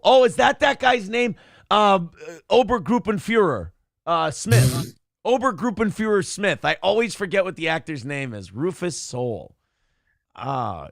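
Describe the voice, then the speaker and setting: A man's voice: on the high side, fairly bright tone, no echo, clean studio sound. A man co-hosting a casual talk show, joking and swearing freely as he riffs on movies. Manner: profane, jokey, laughs often. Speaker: co-host. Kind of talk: casual chat.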